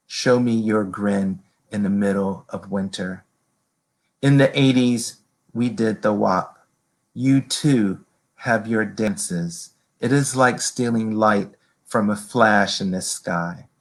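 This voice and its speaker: A man reading his own poems aloud over a video call in a slow, measured way. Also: lowish voice, a bit bright. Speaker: poet reading his work. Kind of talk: poetry reading.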